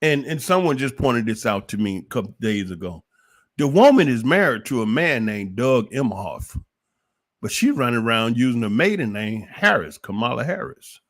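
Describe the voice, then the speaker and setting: A man delivers an opinionated livestream monologue in a preachy, emphatic way. He keeps throwing rhetorical questions at his audience. His voice sits at an average pitch for a man. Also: sing-song, normal speed, pauses often. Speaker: livestream commentator.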